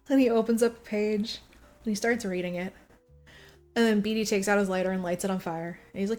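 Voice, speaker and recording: Woman, podcast co-host, casual movie recap, lively storytelling, quoted voices. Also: mid-range voice, fairly quick, soft background music. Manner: animated retelling with quoted voices and laughs.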